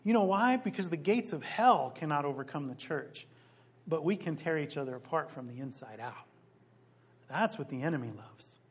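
A man preaching a sermon as a pastor, emphatic, slowing down on key phrases and rising loud when he quotes scripture. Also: a little high, expressive, slightly rough.

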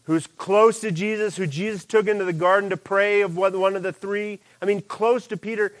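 A man preaching a sermon in a lively, animated way, jumping into character voices for quoted lines. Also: normal speed. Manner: animated, acts out quoted lines with big pitch jumps.

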